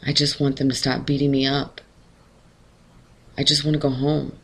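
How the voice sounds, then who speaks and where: A man's voice: medium pitch, monotone, moderate pace, fairly bright tone, breathy edge. A man voicing an injured, frightened young man who pleads in a weak whisper. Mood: pleading.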